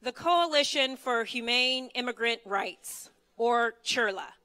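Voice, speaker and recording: A woman's voice: on the high side, takes it slowly, bright, forceful tone. A woman emcee reading a formal introduction of the next speaker at a conference. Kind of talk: read stage introduction. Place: conference stage.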